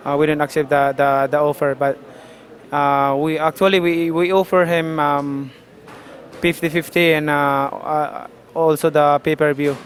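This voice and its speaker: Halting male boxer with a flat voice. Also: on the high side. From Philippines. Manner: halting, with many fillers. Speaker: boxer, interview guest. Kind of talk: interview answers.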